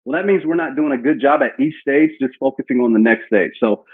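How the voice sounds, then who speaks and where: A man's voice: mid-range voice, fairly quick, slightly rough. A man running a live sales training session, coaching a team on cold-call lines and acting out example phone talk. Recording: tinny phone-like call audio.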